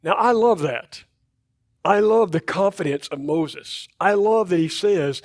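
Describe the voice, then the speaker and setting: A man's voice: sits high, measured pace, creaky, no room sound, studio quality. A man preaching a sermon in a church, talking in a loose, conversational way and often repeating and restarting words. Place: church auditorium.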